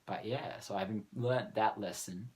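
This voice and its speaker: Deep-voiced young Australian man vlogging. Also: unhurried, a little mellow. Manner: rambling, self-mocking, laughs often. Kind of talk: casual storytelling vlog.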